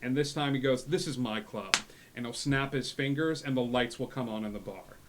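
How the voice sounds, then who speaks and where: Male GM, mid pitch, easygoing, hesitant narration. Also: a little fast, noisy background. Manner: relaxed, frequent filler words. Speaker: game master. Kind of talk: narrating a tabletop game.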